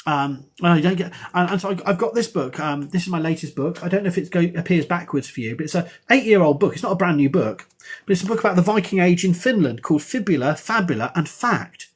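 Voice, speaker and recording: A middle-aged man, an archaeology professor, chatting on a live stream in a rambling, self-mocking and excitable way. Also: high voice, quick pace, breathy edge. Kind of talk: casual live-stream chat.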